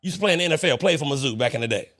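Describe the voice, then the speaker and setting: A young man from St. Louis hosting a podcast in casual chat, boastful and animated, full of profane trash talk. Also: fairly high pitch, racing, no echo, studio quality. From St. Louis, Missouri. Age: young adult. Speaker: podcast host.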